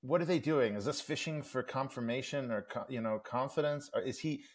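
A man talking as a podcast guest in an enthusiastic, animated discussion who often restarts his sentences mid-thought. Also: medium pitch, fairly quick, slightly rough. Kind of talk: animated book-club discussion.

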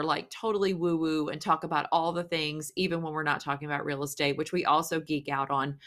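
A woman hosting a casual solo podcast, talking straight to her listeners in an effusive, upbeat, gushing way. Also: low voice. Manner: warm, chatty direct address to listeners. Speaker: podcast host.

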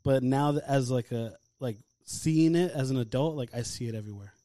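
A young man co-hosting a podcast, telling stories in animated, profane casual chat. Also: medium pitch, brisk, no echo. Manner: animated storytelling, heavy swearing. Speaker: podcast co-host.

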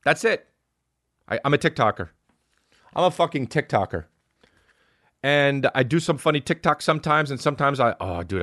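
A man hosting a podcast, rambling in a profane casual monologue and jumping into loud, high-pitched outbursts. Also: no room sound, clean studio sound. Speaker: podcast host.

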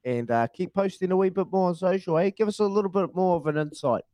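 A man's voice: sits high, fast, mellow, no echo. A man hosting a radio interview, hearty and matey. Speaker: radio show host.

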